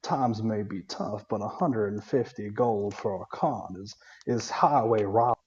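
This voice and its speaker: A man voicing a smooth-talking haggler in a put-on folksy voice, on a dull lo-fi mic. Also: fairly low pitch, moderate pace, darkish tone, natural voice. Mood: haggling.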